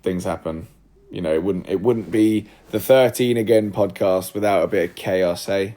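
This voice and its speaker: A man's voice: sits low, moderate pace, dark tone. A man hosting a casual livestream from a room at home, chatty and scattered, joking at his own expense while he sorts things out. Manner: scattered, chatty, self-deprecating, talks while multitasking. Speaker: podcast host on a livestream.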